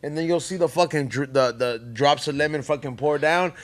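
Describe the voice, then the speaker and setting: Male co-host, rapid casual delivery, slightly high pitch, profane slang. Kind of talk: casual chat.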